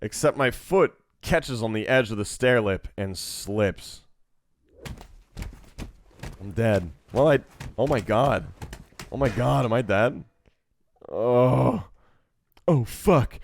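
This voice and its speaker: A streamer reads a visual novel's text aloud with casual commentary, sarcastic and profane, talking to his chat as guitar music plays behind him. His voice is medium-pitched and expressive, slow with long pauses, and there's a little hiss or hum.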